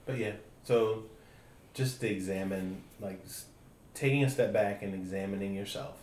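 A man's voice: lowish voice, moderate pace, a little mellow. Joking man, distant and echoey. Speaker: podcast co-host. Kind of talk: casual chat. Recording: roomy echo, distant mic, faint noise.

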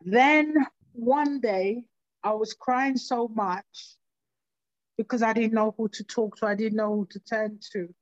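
A woman giving halting, emotional personal testimony in an interview. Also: fairly high pitch, steady tone, no room sound, dull audio. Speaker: interview guest.

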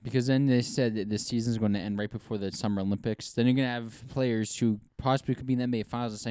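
A man's voice: medium pitch, fast talker, hardly any pauses, a little mellow, smooth, dry recording. A man co-hosting a casual sports podcast, rambling eagerly through his opinions. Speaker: podcast co-host.

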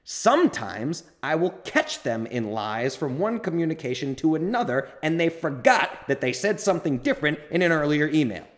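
A man delivers a solo coaching monologue in a blunt, emphatic way, with a bit of swearing. His pitch rises and falls a lot, and he hammers points by saying them again. He sounds like a podcast host pushing his listeners. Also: sing-song, moderate pace, few pauses.

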